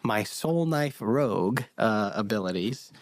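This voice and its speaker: A man's voice: on the low side, lively intonation, a little slow, no room sound. Hesitant man playing a tabletop game. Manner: hesitant, unsure. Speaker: player. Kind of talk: casual tabletop game chat.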